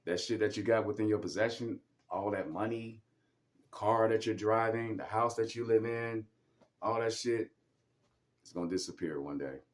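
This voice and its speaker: Low-voiced man in a heated rant. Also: moderate pace. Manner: heated, repetitive, profane, preaching. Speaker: vlogger. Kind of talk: angry personal rant to camera.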